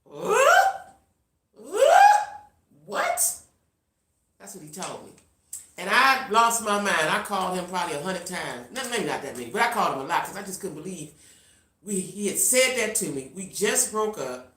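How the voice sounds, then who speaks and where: A middle-aged woman hosting a live stream, telling a personal story in a casual, animated way and talking straight to her viewers. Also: on the low side, a little fast, echoey room. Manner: reads out viewer comments. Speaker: livestream host.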